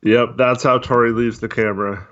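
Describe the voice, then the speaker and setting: A man chatting casually on a livestream, talking in a monotone with many fillers while reading chat. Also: medium pitch, normal speed, a little hiss or hum. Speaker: podcast co-host. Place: voice only on a live stream. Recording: dull lo-fi stream audio.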